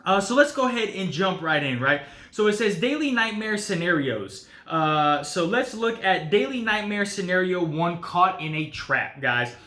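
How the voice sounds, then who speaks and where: A man hosts a casual board game video and explains the rules as he goes. His voice is high and bright, and he talks in a chatty way with many fillers. The room around him is echoey. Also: expressive, moderate pace, few pauses. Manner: chatty, says guys and uh often. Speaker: board game channel host. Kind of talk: casual solo playthrough talk.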